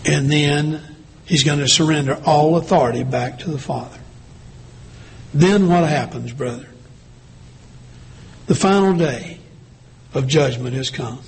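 Male pastor, husky slightly raised voice, slow measured sermon delivery. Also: a little high, rough recording. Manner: slow, deliberate preaching with drawn-out pauses.

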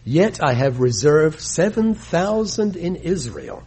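A man preaching a sermon, reading scripture dramatically and moving between loud emphatic lines and quiet reflective ones. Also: sing-song, slow pace, slightly rough. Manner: dramatic reading of scripture with big swings in pitch and volume. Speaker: pastor.

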